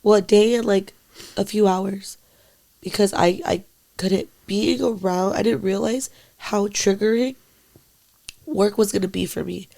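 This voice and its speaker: A young woman co-hosting a casual podcast, speaking haltingly with lots of "like" and swearing, quiet and emotional, at times dropping to near-whispers. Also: medium pitch, fairly even intonation, gravelly. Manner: halting, full of "like" and frequent swearing. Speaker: podcast co-host.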